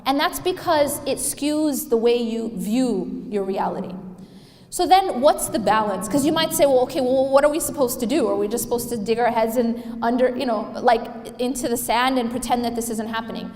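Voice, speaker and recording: A woman's voice: on the high side, moderate pace, a little mellow. A woman giving a religious talk to a live audience, emphatic and asking them questions. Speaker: Islamic speaker. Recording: echoey hall with long reverb.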